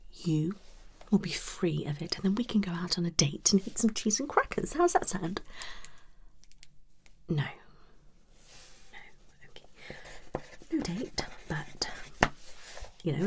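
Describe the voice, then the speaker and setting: A woman acting a blunt, dismissive psychologist in a whispered role-play, talking in a soft, breathy, rambling way. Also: lowish voice. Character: blunt unprofessional female psychologist. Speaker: ASMR creator.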